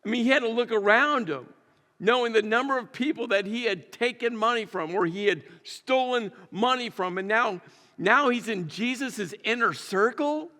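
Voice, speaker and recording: A man's voice: very high-pitched, moderate pace, sharp tone, long reverb tail. A man preaching a sermon in a conversational, storytelling way, with emphatic repetitions. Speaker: pastor. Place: church sanctuary.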